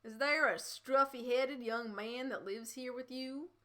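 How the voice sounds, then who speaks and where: A woman's voice: sits high, a little slow, a bit bright. A woman voicing a drawling male police officer with a put-on Texan accent.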